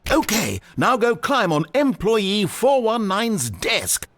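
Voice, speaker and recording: Brief: a wry game narrator, fairly high, wildly swooping pitch, articulate and theatrical. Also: male voice, very animated, takes it slowly, a bit bright, exaggerated voice. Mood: giddy cheering.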